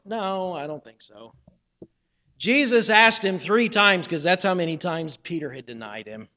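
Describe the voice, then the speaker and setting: High-voiced preacher in an echoing church. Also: male voice, unhurried, bright, forceful tone. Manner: earnest, conversational storytelling with voiced quotes. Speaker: pastor. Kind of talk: sermon. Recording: reverberant church sanctuary.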